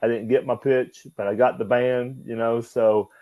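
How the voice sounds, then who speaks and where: A man spins rambling backstage tales as an interview guest, casual and quick to curse. His voice has a mellow, darker tone and sits in a middle range. The sound is close and dry, with no room around it. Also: mid-range voice, no room sound. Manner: loose, swearing, laughing, animated anecdotes. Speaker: guest, former pro wrestler.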